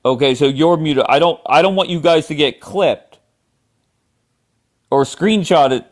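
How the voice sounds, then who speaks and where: A man's voice: fairly high pitch, measured pace. A man hosting a live stream debate, blunt and mocking as he questions callers. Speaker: livestream host.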